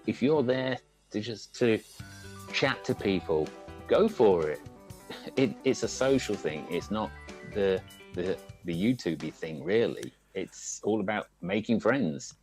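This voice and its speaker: A man's voice: on the low side, lively intonation, measured pace, a little mellow, soft background music. A man from Leicestershire as a podcast guest in casual chat, hesitant with lots of ums and uhs. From England, Leicestershire.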